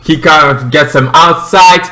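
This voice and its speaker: A man reviewing a TV episode in a casual, rambling way, full of fillers and restarts, sometimes bursting into loud acted-out lines from the characters. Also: on the high side, a little slow. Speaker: TV show reviewer.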